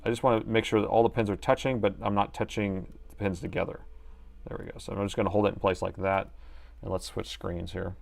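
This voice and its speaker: A man's voice: fairly low pitch, little pitch movement, fast, gravelly, darkish tone. A man hosting a live stream, chatting casually and explaining each step of a repair while joking with viewers. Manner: chatty, explains steps while working, jokes with chat. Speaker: livestream repair host.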